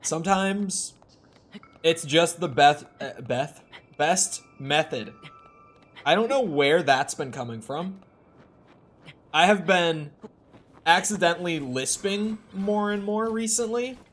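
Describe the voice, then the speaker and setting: A man's voice: on the high side, expressive, takes it slowly, pauses often, fairly bright tone. A young man streaming a video game, talking to himself in a casual, rambling way with frequent restarts. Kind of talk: casual gameplay commentary.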